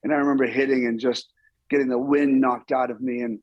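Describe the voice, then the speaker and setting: A man's voice: mid-range voice, fairly quick, no echo, muffled recording. A man, a stuntman guest, telling stories in an interview and acting out the lines people said. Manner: animated, acts out quoted lines. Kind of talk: storytelling interview.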